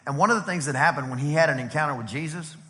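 A middle-aged man preaching a sermon as pastor, lively and conversational, acting out quotes as he goes. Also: on the high side, very fast. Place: church sanctuary. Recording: long hall reverb from a church.

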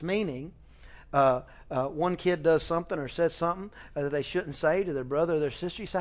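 A middle-aged man preaching a sermon in a folksy, animated way, with fillers and restarts, sometimes acting out family conversations. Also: fairly high pitch, brisk. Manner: acts out family dialogue with shifting voices. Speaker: pastor.

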